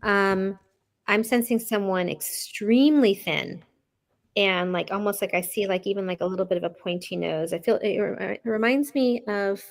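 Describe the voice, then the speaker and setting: A woman's voice: mid-range voice, normal speed, gravelly. A woman co-hosting a live psychic reading, describing impressions tentatively with many fillers. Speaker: intuitive co-host.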